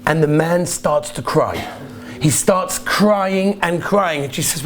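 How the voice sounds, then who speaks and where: A man's voice: a little high, takes it slowly, a little hiss or hum. A man, a rabbi, giving a sermon and telling stories in an earnest, emphatic way, repeating key phrases. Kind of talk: sermon with storytelling.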